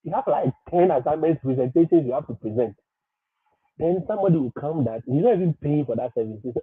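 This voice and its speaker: A man hosting a livestream, talking emphatically and circling back over his points with frequent laughs. His voice sounds a little husky, and the audio is thin and phone-like, in a dry room with no echo. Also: a little high, expressive, quick pace. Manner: emphatic, repetitive, laughs often. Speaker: livestream host. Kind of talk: livestream advice talk.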